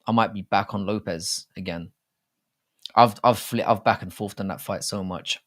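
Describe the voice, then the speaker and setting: A man's voice: lowish voice, fairly even intonation, normal speed. Rambling, crude-humored male streamer. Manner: rambling, crude and jokey, with frequent restarts. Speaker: livestream host. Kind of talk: casual live-stream chat about fight betting.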